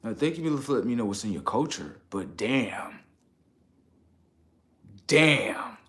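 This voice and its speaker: A man on a casual livestream, rambling in slangy street talk and checking in with his viewers, getting loud and high when worked up. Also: big pitch swings, fast. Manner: rambling, repeats "okay" and "right" to the audience. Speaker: livestream host.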